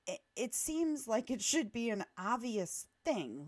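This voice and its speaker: A woman's voice: mid-range voice, sing-song, normal speed, hardly any pauses, no echo. A woman hosting a podcast in casual chat, talking freely and acting out little dialogues with plenty of filler words. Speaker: podcast host.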